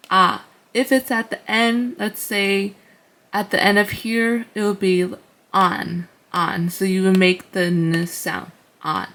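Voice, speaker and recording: Slow, patient woman teaching sounds. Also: medium pitch. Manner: slow, patient, repeats sounds, many "like" fillers. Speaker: language teacher. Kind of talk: casual tutorial.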